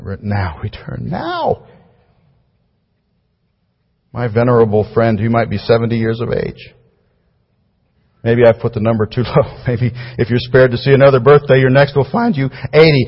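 Male preacher, mid-pitched, husky, earnest and pleading; recorded in a big hall with dull, echoing sound. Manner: earnest, pleading, builds to loud emphatic cries then drops low. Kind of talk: sermon. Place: large hall before a crowd.

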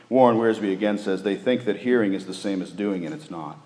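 Pastor, male, lower register, delivering a sermon with big swings in volume; recorded in a roomy, echoing sanctuary. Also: fairly quick, hardly any pauses. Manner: swings from loud urging to hushed near-whispers. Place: church sanctuary.

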